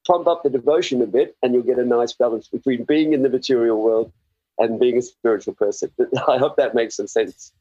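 A man's voice: medium pitch, a little fast, dark tone, no room sound. An older man with an Australian accent, an author guest giving earnest, rambling, self-searching interview answers over slightly muffled remote audio.

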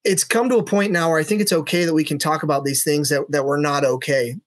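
A middle-aged man speaking in a slightly high register for his voice. He talks earnestly and conversationally, circling back with restarts and "you know" fillers as he recounts his experiences as a police officer. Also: steady tone, quick pace. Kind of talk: conversational storytelling.

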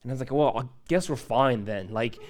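Young man, pastor, casual sermon, church, chatty storytelling, medium pitch. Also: brisk. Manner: casual, animated storytelling with laughs and asides to the audience. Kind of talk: conversational sermon with personal story.

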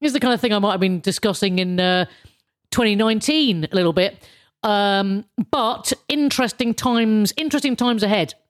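A woman's voice: mid-range voice, normal speed. A woman hosting a show, casually recapping her episode in a rambling, sardonic way with many fillers and restarts. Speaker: show host.

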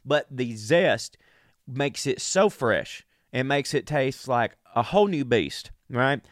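Man, middle pitch, chatty and profane, sick, dry booth sound. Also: expressive, slow pace, no echo. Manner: profane, chatty, talks straight to listeners. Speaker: podcast host. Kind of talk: casual monologue.

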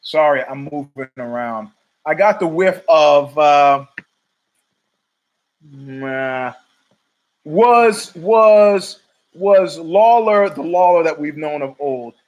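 A man's voice: fairly high pitch, takes it slowly, rough recording. A middle-aged man hosting a podcast, rambling through a profane, opinionated monologue full of restarts. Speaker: podcast host.

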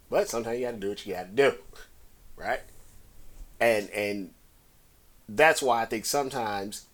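A man's voice: lowish voice, normal speed, pauses often, a bit bright. Man riffing on sports media. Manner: conversational, talks in circles, rising emphasis on key points. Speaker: podcast host. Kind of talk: casual solo commentary.

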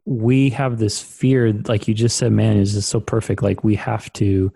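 A man's voice: lowish voice, steady tone, unhurried, creaky, dark tone, breathy edge, no room sound. A man hosting a podcast interview, talking in a rambling, reflective way with casual swearing. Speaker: podcast host.

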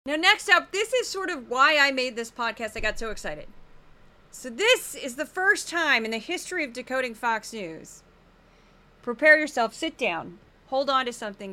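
Bright, sarcastic woman podcast host. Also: on the high side, fairly quick. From St. Louis, US Midwest. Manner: animated, sarcastic, jokey. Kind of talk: casual political commentary.

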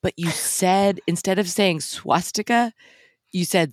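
A woman's voice: on the low side, measured pace, dry recording, clean studio sound. Giggly, chatty woman podcaster. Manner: chatty, giggly, self-deprecating. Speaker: podcast co-host, writer. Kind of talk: casual podcast chat.

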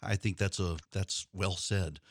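Middle-aged male radio host with a lowish voice and a dry sound, earnest and halting, restarting his thoughts often. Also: fairly even intonation, dry recording. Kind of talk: interview conversation.

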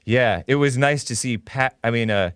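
A man hosting a talk show, reading out viewer chat messages in a sarcastic, animated way and laughing often. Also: mid-range voice, normal speed, clear, resonant tone, dry recording, studio quality. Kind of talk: reading live chat and taking calls.

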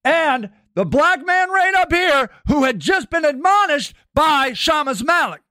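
A man hosts a podcast in a furious, profane rant, shouting much of the time. His voice sits very high and bright, with wide swings in pitch. He talks slowly and deliberately, recorded dry and close. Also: very animated, no room sound. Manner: shouting, cursing, heated; plays and comments on clips. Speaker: podcast host.

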